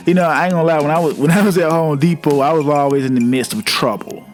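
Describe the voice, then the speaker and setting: Brief: a profane male vlogger with a fairly high voice, telling a story in an animated, repetitive way. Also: fast talker, hardly any pauses, faint music behind. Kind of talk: casual storytime monologue.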